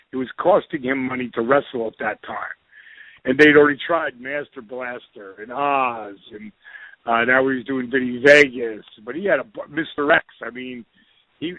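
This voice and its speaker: A middle-aged man telling a story in a casual, profane, animated way, acting out the quotes. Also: mid-range voice, dry recording. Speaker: podcast guest. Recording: tinny phone-like line, dry.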